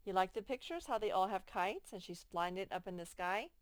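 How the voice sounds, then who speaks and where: A woman teaching young children to read, slowly stretching out each word with patient, clear explanations. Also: medium pitch, expressive, no echo. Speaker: first-grade teacher. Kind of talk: slow, patient phonics lesson to young children.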